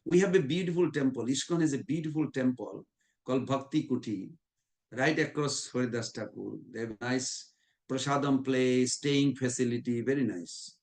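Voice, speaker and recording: A man's voice: mid-range voice, moderate pace, darkish tone. A man giving a devotional class, telling anecdotes in informal, non-native English and chuckling often. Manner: storytelling with frequent chuckles.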